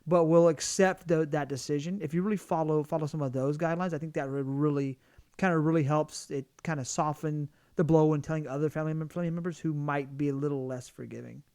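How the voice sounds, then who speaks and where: A man from Georgia with a Southern accent co-hosts a podcast in an animated, joking way. He rambles and restarts his sentences. His voice sits a bit high and sounds smooth and clear, recorded close and dry. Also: quick pace, no room sound. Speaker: podcast co-host. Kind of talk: casual chat.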